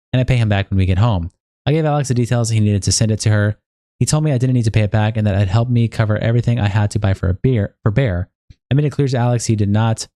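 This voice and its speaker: A man's voice: fairly low pitch, mellow, no echo, studio quality. A young man livestreaming, reading a long document aloud in a casual, profane, sleepy way with bursts of hype. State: sleepy, yawning. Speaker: streamer.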